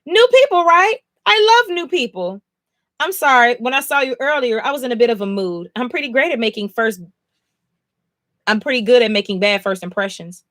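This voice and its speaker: A woman's voice: a little high, expressive, normal speed, a bit bright. A woman doing a chirpy smug young rich boy. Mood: fake cheerful.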